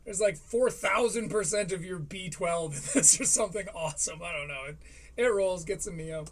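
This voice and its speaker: A man hosting a live stream, commenting casually in a chatty, self-deprecating way. His voice is notably high for a man, and he keeps tossing in quick asides. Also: far from the mic. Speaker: streamer host.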